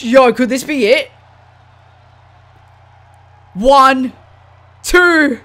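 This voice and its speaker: A man giving casual, slangy commentary over a wrestling video game, swinging from low muttering to excited shouts. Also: slow pace, pauses often. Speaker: gaming YouTuber.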